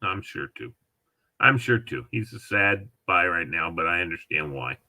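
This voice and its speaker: A man hosting a relaxed conversation, his voice bright and sharp-edged. He rambles in a chatty way and lets sentences trail off. The sound is dry and close, with no room echo. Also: sits low, moderate pace. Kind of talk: casual chat.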